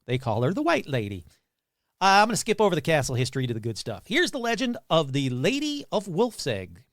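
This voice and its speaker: A man's voice: a little high, wildly swooping pitch, a little fast, fairly bright tone, no room sound, studio quality. A man hosting a podcast, telling ghost stories casually with crude jokes and asides. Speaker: podcast host. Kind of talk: casual comedic storytelling.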